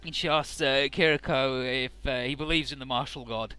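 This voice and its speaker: Male let's player, bright tone, loose and swearing, faint music behind. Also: mid-range voice, fairly even intonation, a little fast, smooth. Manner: casual, profane, paraphrasing dialogue loosely. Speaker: let's play narrator. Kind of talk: casual game commentary.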